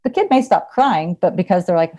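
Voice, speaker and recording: Woman, casual talk, mellow tone, slightly low voice, reflective, laughs often. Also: animated, fairly quick. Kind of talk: casual conversation.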